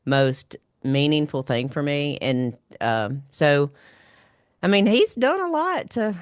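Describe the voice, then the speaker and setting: A woman's voice: sits low, big pitch swings, slow pace, smooth, no echo, studio quality. A woman hosting a podcast, chatting casually and laughing often. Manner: warm-hearted, laughs often. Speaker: podcast host.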